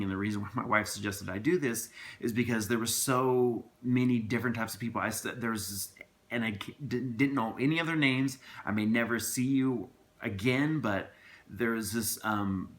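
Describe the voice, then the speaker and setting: A man's voice: lowish voice, a bit bright. A man telling a personal story to camera in a casual, rambling and earnest way, with many restarts and asides.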